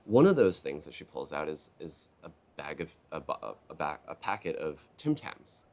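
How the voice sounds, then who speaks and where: At a live event booth, a male keynote speaker with a rumbling low voice talks at normal speed during a conversational interview. He's an animated storyteller who performs quotes in a louder, raised voice.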